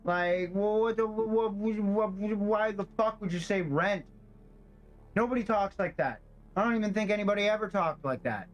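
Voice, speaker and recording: A man's voice: sits high, normal speed, muffled recording. A male streamer giving casual gameplay commentary, swearing a lot and ranting in exasperation while overheated in a hot apartment. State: overheated in a stuffy room. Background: faint game music.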